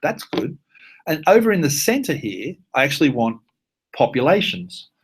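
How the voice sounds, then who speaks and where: A man with an Australian accent presenting a live online software workshop, talking casually with plenty of fillers and asides. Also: fairly high pitch, big pitch swings, moderate pace, breathy edge. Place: at his computer, live webinar.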